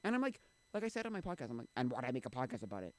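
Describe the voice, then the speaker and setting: A man's voice: mid-range voice, sing-song, racing. A young man live streaming, rambling in casual chat with many restarts and trailing thoughts.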